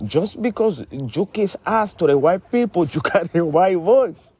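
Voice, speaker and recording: A man's voice: high-pitched, animated, measured pace, mellow, breathy edge, voice pushed up, exaggerated voice. A man voicing a brash middle-aged character with a Spanish-inflected English accent who calls everyone honey and rambles in street slang. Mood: scolding. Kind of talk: comedy sketch dialogue.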